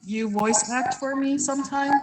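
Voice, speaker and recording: A woman's voice: high-pitched, fairly even intonation, moderate pace. A woman hosting a casual livestream, chatting in a joking, self-deprecating way. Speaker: livestream host.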